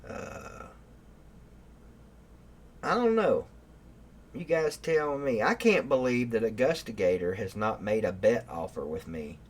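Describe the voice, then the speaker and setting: A man hosting a livestream, rambling and cursing with bursts of loud mock outrage at his live chat. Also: mid-range voice, animated, slow, pauses often. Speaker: livestream host. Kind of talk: casual profane rant to live chat. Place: room at home.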